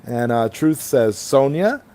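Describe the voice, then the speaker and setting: A man's voice: medium pitch, animated, takes it slowly, dark tone. A man hosting a casual late-night livestream chat, reading viewer comments aloud and rambling enthusiastically between them over an online call. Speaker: livestream host. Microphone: online streaming call.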